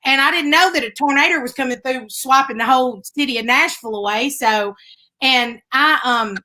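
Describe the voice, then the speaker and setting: A woman's voice: high voice, normal speed, sharp tone, poor audio. A woman with a Southern accent from Tennessee, a guest musician chatting casually and telling stories in folksy phrasing over a video call. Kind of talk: casual chat.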